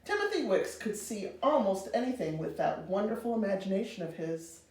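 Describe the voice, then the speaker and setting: A woman reading a children's storybook aloud in an expressive, animated way. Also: medium pitch, fairly quick, distant mic, slight background noise. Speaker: storybook reader. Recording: roomy, reader away from mic.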